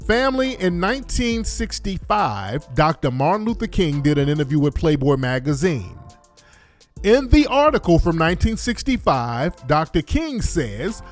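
A man hosting a commentary show, scornful and animated, drawing out and sing-songing his words. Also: sits high, normal speed, soft background music. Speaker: host.

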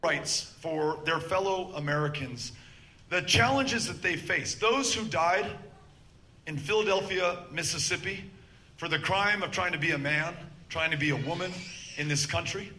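Man at a town hall, really bright tense voice, high, earnest, lots of um. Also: a little hiss or hum. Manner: measured, earnest, with frequent um fillers. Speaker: politician.

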